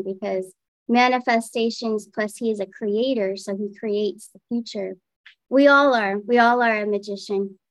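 A woman's voice: medium pitch, no room sound. A woman guest doing a casual tarot reading, thinking aloud as she turns cards.

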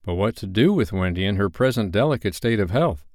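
Man, storyteller, bedtime story, lively ups and downs, dry close sound. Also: fairly low pitch, a little fast, dry recording. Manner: expressive, animated reading.

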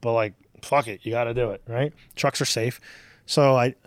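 A man's voice: medium pitch, normal speed, no echo. Rambling, profane man, dry mic. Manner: rambling, profane, animated storytelling. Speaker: podcast host. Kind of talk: casual chat.

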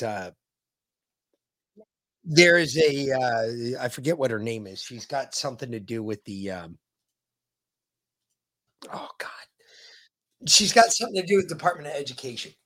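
A man's voice: medium pitch, pushed and bright. An American man co-hosts a casual podcast, telling stories with plenty of swearing. He acts out other people's lines as he goes, in a mid-range voice. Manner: profane storyteller, acts out quotes animatedly. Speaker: podcast co-host. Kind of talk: casual chat.

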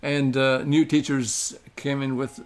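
Older man, halting mild speech. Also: mid-range voice, flat delivery. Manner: halting, many fillers, mild. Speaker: podcast guest. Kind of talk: casual podcast chat.

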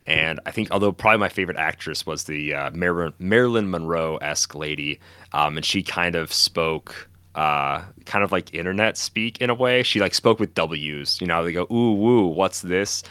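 A man's voice: low-pitched, moderate pace, pushed and bright, smooth, no room sound. A man co-hosting a podcast, chatting casually and telling rambling stories with acted-out quotes. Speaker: podcast co-host. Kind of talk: casual chat.

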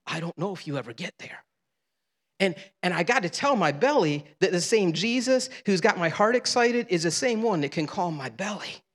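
A man's voice: high voice, a bit bright. A male pastor preaching a sermon in a conversational, humorous way in a church sanctuary. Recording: long reverb of a large hall.

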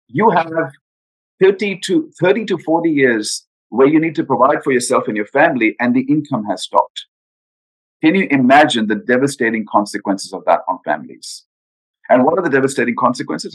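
A man's voice: mid-range voice, slightly rough, rough recording. A man talking in an interview about retirement planning, earnest and emphatic, with frequent rhetorical questions. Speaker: guest financial adviser. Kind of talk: podcast interview.

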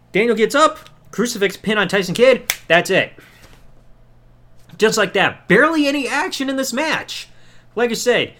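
Male podcast host, high voice, casual profane recap. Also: fairly bright tone. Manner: loose, profane play-by-play recap. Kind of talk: casual wrestling show review.

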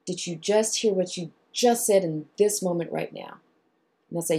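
A woman therapist explaining how she works with clients, acting out both sides of a session in lively voices. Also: fairly low pitch, moderate pace, breathy edge. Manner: animated, acts out dialogue with clients. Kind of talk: explanatory talk to viewers.

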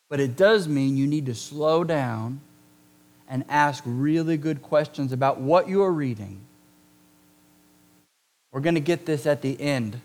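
A man preaching a sermon, speaking conversationally with joking asides and slowing down to stress key words. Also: mid-range voice. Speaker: pastor.

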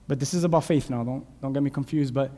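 A man preaching a sermon, animated, acting out shouted voices from Bible stories. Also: medium pitch, fast. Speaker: pastor. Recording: long hall reverb.

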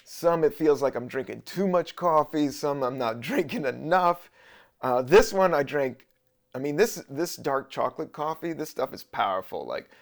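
A man's voice: mid-range voice, creaky. A man from Southern Virginia hosting a podcast, rambling casually in a laid-back, profane monologue. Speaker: podcast host.

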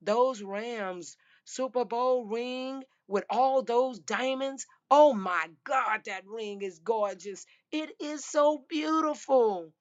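A woman hosting a casual football talk show, emphatic and folksy, her voice going hoarse. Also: a little high, takes it slowly, hardly any pauses, highs cut off. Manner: emphatic, repeats "I'm telling you" and "baby". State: losing her voice. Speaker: sports podcast host.

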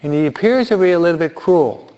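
A man's voice: on the high side, expressive, quick pace, mellow. A man giving informal Bible teaching who asks his listeners rhetorical questions and repeats key points for emphasis. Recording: dull lo-fi recording.

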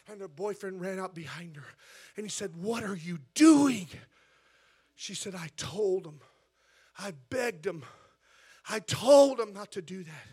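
A man preaching a sermon as pastor, with an American accent, telling a story quietly and then rising to loud, shouted preaching in a church. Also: high voice, expressive, measured pace, pauses often, slightly rough. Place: church sanctuary.

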